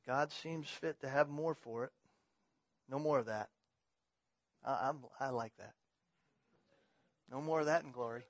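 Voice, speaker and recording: A middle-aged male pastor preaching a sermon, swinging from loud emphatic declarations to quiet, conversational asides. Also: medium pitch, unhurried, long pauses, no echo. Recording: dull, slightly muffled, dry sound.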